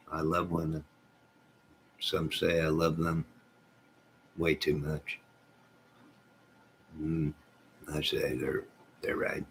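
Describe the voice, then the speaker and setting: A man's voice: sits low, creaky, a bit bright, slight background noise. A man hosting a casual livestream from home, joking and teasing viewers by name as he reads the chat. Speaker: livestream host reading chat. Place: at home with goats nearby.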